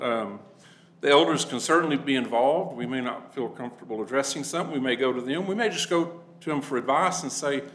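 A man's voice: mid-range voice, a bit bright, rough recording. A man teaching a conversational Bible class to a congregation, plain-spoken and acting out the people he quotes.

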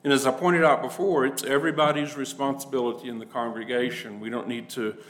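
A man's voice: mid-range voice, fairly even intonation, fast, a bit bright, poor audio. Guy giving a bible class, talks plain and casual, does little voices for the people he quotes. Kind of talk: conversational Bible lesson.

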